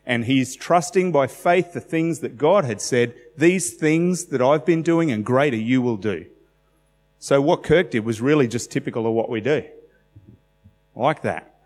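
Male pastor, 40s, Australian accent, conversational sermon delivery, recorded in a reverberant hall. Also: mid-range voice. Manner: conversational, asks the congregation questions.

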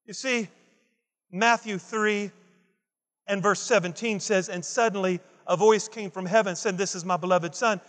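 A man's voice: high-pitched, fairly even intonation, normal speed, fairly bright tone, in a large hall. A man preaching a Father's Day sermon, emphatic and repetitive, building intensity as he quotes scripture. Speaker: pastor.

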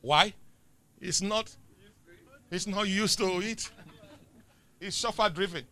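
A middle-aged Nigerian man preaching a sermon, swinging between loud declarations and quiet asides. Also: high voice, takes it slowly.

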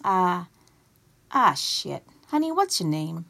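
A woman voicing a feisty old woman, a former roller derby skater, who hollers loud and brassy. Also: fairly low pitch, sing-song, slow, vocal fry, heavily acted. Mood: hollering.

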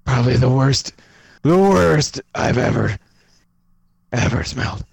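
A man plays a strange, oblivious character who says absurd things in a flat, deadpan way. The voice is heavily gravelly and husky. It is recorded close and dry, with no room sound. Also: mid-range voice, a little slow, no room sound, exaggerated voice. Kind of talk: improvised comedy sketch.

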